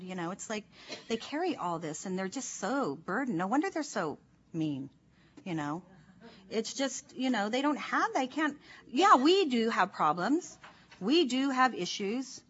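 A woman's voice: mid-range voice, a bit bright. A woman leading a Bible study in an earnest, chatty way, with many fillers as she talks. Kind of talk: informal devotional teaching. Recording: slightly dull recording with faint noise.

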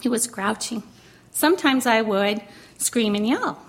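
Slow, earnest woman giving a testimony. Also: medium pitch, vocal fry. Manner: earnest and emotional, stretching words slowly for emphasis. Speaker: pastor's wife speaking to a congregation. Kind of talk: sermon testimony.

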